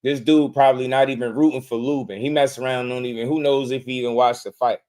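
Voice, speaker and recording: A man hosting his own boxing channel, talking in loose slangy commentary. He repeats phrases, leans on bro and man, and keeps an animated, fired-up delivery at a middle pitch. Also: fast talker. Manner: animated, repetitive, slangy, calls listeners bro. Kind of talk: casual commentary.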